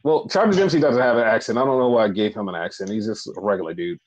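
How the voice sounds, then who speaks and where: A man's voice: on the low side, very animated, very fast, lo-fi sound. A man hosting a podcast, recapping in a blunt, profane, rambling casual chat. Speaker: podcast host.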